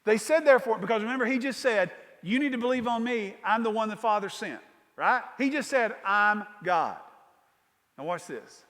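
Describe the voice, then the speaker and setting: High-voiced preacher in a reverberant hall. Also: male voice, expressive. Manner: reads scripture, then explains it with questions to the congregation; swings from loud emphasis to hushed, slow delivery. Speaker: pastor. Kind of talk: expository sermon. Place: church sanctuary.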